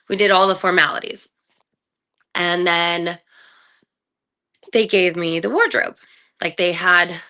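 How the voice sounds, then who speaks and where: A woman with a bright, forceful tone and a somewhat low pitch for a woman tells her own story as a podcast guest. She talks candidly, full of fillers, and often acts out quoted lines. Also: vocal fry. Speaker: guest, trafficking survivor. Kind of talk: personal story in conversation.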